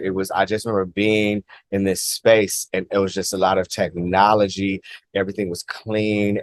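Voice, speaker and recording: Earnest deep-voiced man telling his story. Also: no room sound. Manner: earnest, halting, repeats phrases with many likes and restarts. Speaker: vlogger. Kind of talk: personal storytelling to camera.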